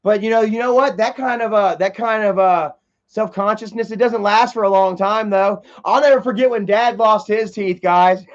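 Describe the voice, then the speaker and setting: Casual young male streamer, loose and profane storyteller, higher-pitched, dull lo-fi sound. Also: normal speed. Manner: rambling, profane, laughs often. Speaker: livestream host.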